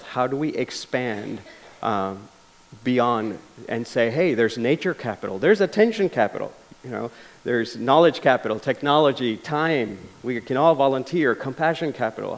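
A man speaks to an audience in a lecture hall, earnest and conversational as he tells stories. He restarts his sentences often and leans on fillers, at a middling pitch. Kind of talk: public lecture.

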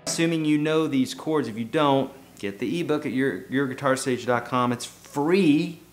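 A relaxed man talks through a guitar lesson at a medium pitch, loose and joking at his own expense. Loud guitar playing runs between and under his words. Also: normal speed. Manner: loose, joking, self-deprecating. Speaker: guitar teacher.

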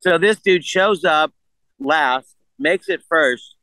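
A man's voice: on the high side, slow pace, clean tone, no room sound, poor audio. A man in his sixties, a podcast guest, telling a story casually and animatedly, full of swearing and quoted back-and-forth. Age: 60s. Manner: profane, animated retelling of a story with quoted dialogue.

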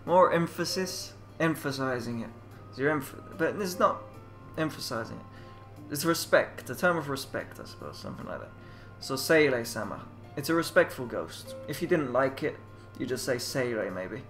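A man's voice: mid-range voice, big pitch swings, normal speed, few pauses, fairly bright tone, faint music behind. A man playing a game and commenting in English, working through its Japanese text line by line and often trailing off to second-guess himself. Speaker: let's player.

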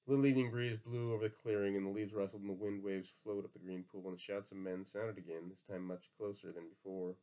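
A man's voice: fairly low pitch, fairly even intonation, fast, hardly any pauses, dark tone. A man reading a novel aloud, voicing every character himself. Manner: reads all characters himself with folksy drawl for dialogue. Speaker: audiobook reader. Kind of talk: dramatic audiobook reading.

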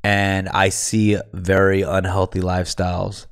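A man's voice: sits low, completely flat delivery, a little slow, gravelly, smooth. A man hosting a casual podcast chat, talking loosely to the viewers and his co-hosts. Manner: loose, rambling, addresses viewers as "guys". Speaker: podcast host.

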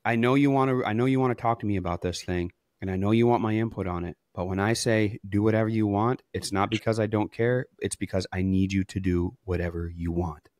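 Male podcast host, deep, relaxed, rambling storyteller, dry close sound. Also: brisk, hardly any pauses, dry recording. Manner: rambling, self-interrupting storyteller. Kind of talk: casual interview chat.

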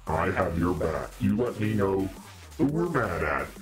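A man's voice: low voice, big pitch swings, measured pace, music in the background. A man in a casual live-stream chat with viewers, playful and mock-preachy, laughing often. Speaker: costumed demon-character livestreamer.

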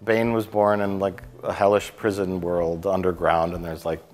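A man hosting a casual film review chat, joking and slipping into quick impressions. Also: low voice, flat delivery, darkish tone, big-room sound, soft background music. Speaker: film review show host.

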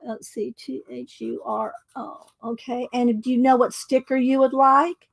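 A woman hosting a casual craft livestream, chatting to viewers by name with frequent ums and throat clearing. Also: high-pitched, level tone, unhurried.

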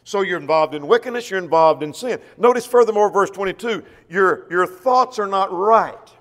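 A man's voice: sits high, moderate pace, fairly bright tone, long reverb tail. A man preaching a sermon who reads scripture aloud and poses rhetorical questions to the congregation. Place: church auditorium.

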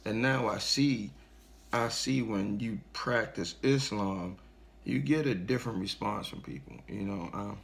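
A man's voice: lowish voice, a little slow, gravelly. A man delivering an aggressive, profane religious rant straight to his audience, preaching and mocking. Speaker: online commentator. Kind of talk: angry religious rant to camera.

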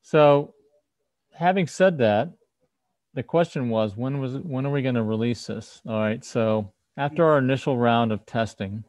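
A man's voice: mid-range voice, normal speed, a little mellow, dry recording. A man hosting a casual livestream tech talk over a video call, explaining things and often restarting his sentences. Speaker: host, firmware developer.

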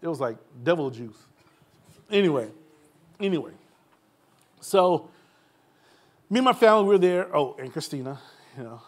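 A man's voice: a little high, lively intonation, moderate pace, pauses often. A male pastor telling a personal story in an informal church Q&A, acting out the voices of the people in it and laughing at his own jokes.

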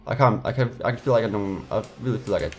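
A man's voice: lowish voice, quick pace, faint music behind. A man giving casual gameplay commentary, frustrated, swearing and trash-talking his rivals. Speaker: gamer.

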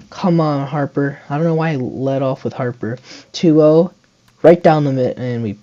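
A young man giving casual play-by-play commentary on a baseball video game, muttering calls between sudden excited shouts. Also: mid-range voice, normal speed, muffled recording. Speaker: gaming channel host.

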